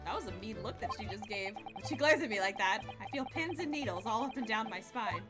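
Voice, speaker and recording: A woman's voice: mid-range voice, lively intonation, brisk, over loud music, voice pushed down, close to an everyday voice. A woman voicing an anxious, earnest young male lawyer in a nervous, earnest way.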